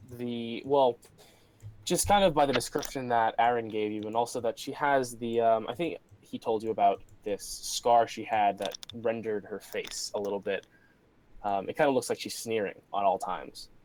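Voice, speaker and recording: A man's voice: mid-range voice, normal speed, a little mellow, slight background noise, poor audio. Male game master, casual, hesitant delivery, lots of ums, home voice-call mic. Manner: casual, hesitant, many fillers. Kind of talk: narrating a tabletop role-play game online.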